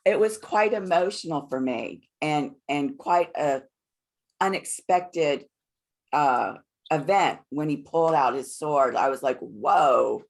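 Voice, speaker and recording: A woman with a very low voice speaks slowly and softly, guiding a spiritual group. She sounds calm and reassuring as she hosts over a video call. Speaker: host of a spiritual group session.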